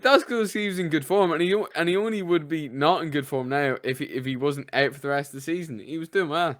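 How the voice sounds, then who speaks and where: Smooth-voiced Irish man reporting fantasy scores. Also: a little high, a bit bright, no room sound, clean studio sound. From Ireland. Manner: halting, repeats words while reporting scores. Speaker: podcast co-host. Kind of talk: casual football chat.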